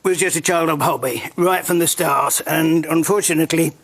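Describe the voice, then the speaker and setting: A man's voice: fairly high pitch, normal speed, fairly bright tone. An older man chatting as a guest on a talk show, telling anecdotes with laughing asides and stumbling restarts. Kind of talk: casual chat show anecdotes.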